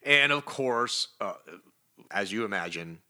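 A man co-hosting a comic book podcast, with a fairly low voice and a bright, forceful edge. He retells scenes playfully, acting out lines and laughing along the way. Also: animated, a little slow. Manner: laughs often, playful asides. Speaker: podcast co-host. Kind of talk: casual comic book review chat.

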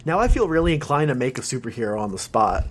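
A man's voice: mid-range voice, big pitch swings, fast. A man in casual chat, giving short, easygoing replies. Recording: noisy recording.

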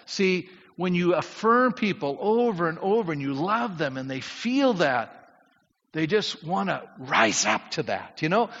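High-voiced preacher man in a reverberant church. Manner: animated, rising to near shouts when preaching. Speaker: pastor. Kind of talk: sermon. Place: church sanctuary. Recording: muffled church recording with long reverb.

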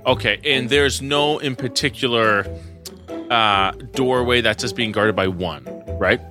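A man playing a tabletop game, calmly stating his character's actions. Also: medium pitch, measured pace, over music. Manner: steady, plainly stating actions. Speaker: player. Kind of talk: tabletop role-play.

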